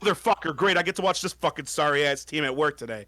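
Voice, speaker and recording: Furious, high-voiced man ranting. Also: animated, quick pace, bright, forceful tone, no room sound, clean studio sound. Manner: angry, swearing, repeats himself. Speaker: podcast co-host. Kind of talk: profane sports rant.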